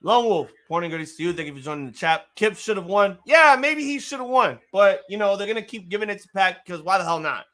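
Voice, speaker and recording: A man reacting live to a wrestling show, his high, bright voice jumping around wildly as he yells and swears at the action. His voice sounds strained from all the shouting. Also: fast talker, hardly any pauses. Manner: excitable, loud outbursts and profanity. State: voice getting strained. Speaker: host of a live wrestling watch-along.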